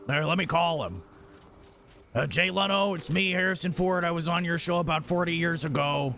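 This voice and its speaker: A man doing an impression of a tired, grumpy elderly movie star who mutters and swears in a low, worn-out voice. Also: normal speed, creaky, sharp tone, slight background noise. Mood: grumpy weary. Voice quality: weary, grumbling, low mutter. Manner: swearing, fed-up complaining.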